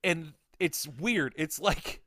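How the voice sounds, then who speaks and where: A man's voice: fairly high pitch, slow, no room sound, clean studio sound. A young man from Connecticut hosting a casual podcast chat, laughing often, swearing and quizzing his co-hosts. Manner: laughs often, swears, animated quiz-giving. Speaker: podcast host.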